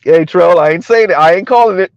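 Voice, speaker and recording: High-pitched man, blunt mocking commentary, dry dull lo-fi sound. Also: fairly quick, no room sound. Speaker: commentary channel host. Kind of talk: casual social media commentary.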